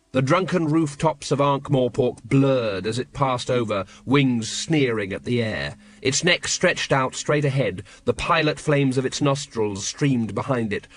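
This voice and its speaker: A man narrating an audiobook in a measured, wry storytelling manner. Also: medium pitch, fairly bright tone. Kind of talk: scripted narration.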